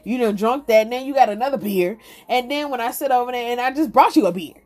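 Profane, animated woman telling a story. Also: a little high, fast. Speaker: podcast host. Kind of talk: casual comedic storytelling.

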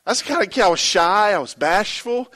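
A man's voice: high-pitched, expressive, brisk, sharp tone. A middle-aged pastor preaching a sermon, telling a story and calling out to his congregation for a response.

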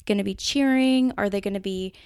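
A woman's voice: medium pitch, fairly quick, darkish tone, smooth, no echo, studio quality. A woman with a Minnesota accent hosting a podcast, explaining ideas in a chatty, casual way with the odd swear word. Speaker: podcast host.

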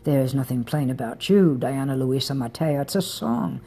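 A woman's voice: extremely low pitch, animated, normal speed, creaky, warm tone, breathy edge, heavily acted. A woman voicing a wealthy older Italian man, affectionate and teasing in an audiobook romance. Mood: tender.

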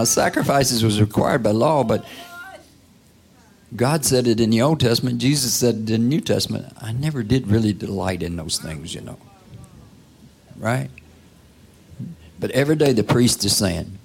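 Gravelly guy preaching in church, husky, chatty sermon, lots of "hmm?" questions, drops to a whisper sometimes. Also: on the low side, a little mellow. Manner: conversational preaching, rhetorical questions, dips to a whisper.

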